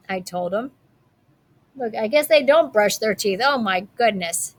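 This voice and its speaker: A woman's voice: mid-range voice, normal speed. A woman teacher reading a picture book aloud to children, with friendly, chatty asides.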